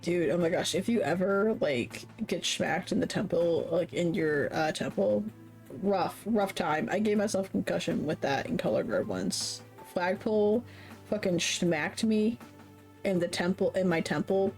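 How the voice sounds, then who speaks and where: A woman streaming a story game live, reading its text aloud and chatting in an animated, giggly way, swearing casually. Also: on the low side, unhurried, soft background music.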